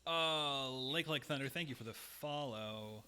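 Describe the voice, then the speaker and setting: A man's voice: mid-range voice, a little slow, sharp tone. A man playing a game live on stream, thinking aloud with hesitant fillers and some dry humor. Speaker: game streamer, main player. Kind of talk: live gameplay chat.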